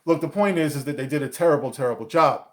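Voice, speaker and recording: A man's voice: a little high, fast talker. A man giving a profane, sarcastic rant as a video commentator, with many fillers like "you know". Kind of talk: ranting commentary vlog.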